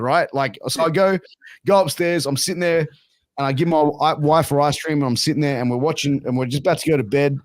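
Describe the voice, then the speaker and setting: A man's voice: fairly high pitch, fast talker, no echo. A young Australian man hosting a podcast, telling a story in a casual way with constant fillers and swearing. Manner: swears a lot, filler-heavy, animated retelling. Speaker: podcast host.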